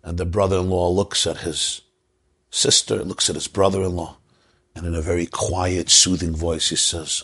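A man sermonizes as a Jewish religious teacher, relating a joke story-style and drawing a lesson, his delivery climbing to emphasis. His voice sits low and sounds pushed and bright with a breathy edge, while his tone stays level at a moderate pace.

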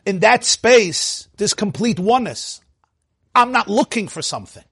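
A man teaching a Torah class as a rabbi, telling stories and acting out quoted speech with big jumps in pitch and loudness, thinking aloud with restarts. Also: animated, unhurried, breathy edge, no room sound, studio quality. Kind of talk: Torah lecture.

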